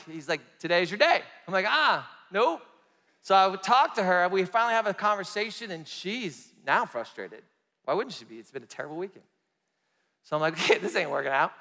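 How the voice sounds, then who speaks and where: Preacher, high tenor, animated storyteller, big hall reverb. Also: male voice. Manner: animated storytelling, swings loud and soft. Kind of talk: sermon testimony.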